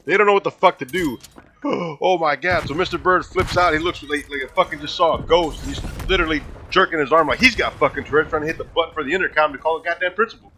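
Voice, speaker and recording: A young man in his twenties telling a funny, profane story from school in a casual, animated way. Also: a little high, fast talker, slight background noise. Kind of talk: casual storytime over gameplay.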